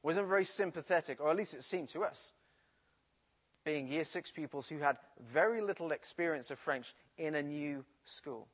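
A man's voice: fairly high pitch, moderate pace. A man from the English Midlands with a Midlands accent, preaching and telling a personal story from his school days. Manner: storytelling, animated retelling.

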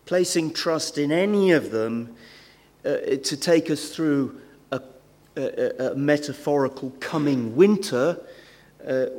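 A man's voice: medium pitch, a little mellow. A man preaching a sermon in a church, conversational, with rhetorical questions and frequent hesitations. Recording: long hall reverb.

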